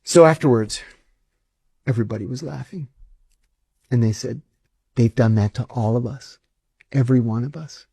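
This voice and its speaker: A former intelligence officer, interviewed as a guest, tells stories with animation and acts out the dialogue he quotes in a conversational style. His mid-range voice is gravelly, warm, and slightly rough, moving at normal speed with long pauses. There's no echo on the recording.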